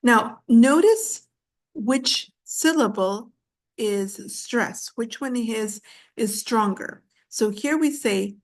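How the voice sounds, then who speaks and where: Woman teacher on a video call, slightly high voice, slow and patient, repeats stuff a lot. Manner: patient, repeats words slowly with fillers. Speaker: English teacher. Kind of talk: online class teaching pronunciation.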